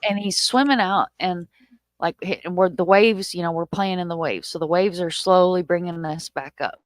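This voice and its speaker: A woman hosting a live chat, telling a story in a lively, swearing style and acting out quotes in a raised voice. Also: fairly low pitch, moderate pace, no room sound. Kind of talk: casual storytelling.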